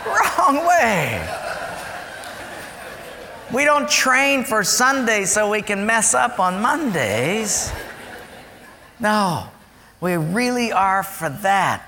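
A man preaching a sermon, animated and storytelling, acting out voices to make his points. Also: sits high, takes it slowly, in a large hall, slight background noise. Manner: animated, acts out voices and stories.

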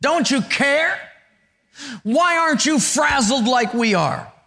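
A man doing panicked shouting men. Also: very high-pitched, lively intonation, takes it slowly, creaky, voice pushed up, heavily acted. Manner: shouting, frantic. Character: panicked frightened men in a storm.

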